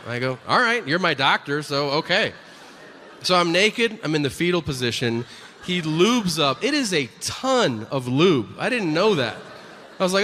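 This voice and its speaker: A man's voice: fairly high pitch, very animated, moderate pace. A male stand-up comedian telling a story on stage, acting out quotes and laughing through his punchlines. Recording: live stage recording with loud ambient noise.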